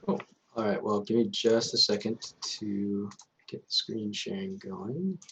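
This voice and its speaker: Young male presenter, low voice, loose and hesitant casual lecture. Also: a little slow, creaky, fairly bright tone, slight background noise. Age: young adult.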